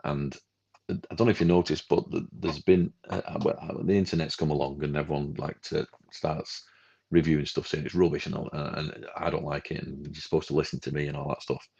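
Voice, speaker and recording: A man's voice: a bass voice, little pitch movement, a little fast, vocal fry, a little mellow, husky. A man co-hosting a film club podcast, chatting casually and ranting animatedly, acting out the people he quotes. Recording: dull lo-fi livestream audio.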